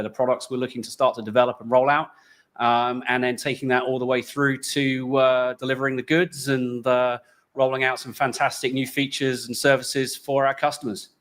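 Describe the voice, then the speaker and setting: Man, mid pitch, flat intonation, relaxed, panel guest. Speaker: chief product and technology officer, panel guest. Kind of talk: panel discussion.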